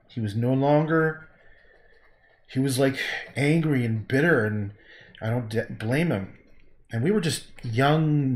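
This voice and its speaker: Brief: Canadian painter on a livestream, loose and rambling, casual swearing, roomy echo. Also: male voice, medium pitch. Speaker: painter streaming his work. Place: art studio. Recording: echoey room.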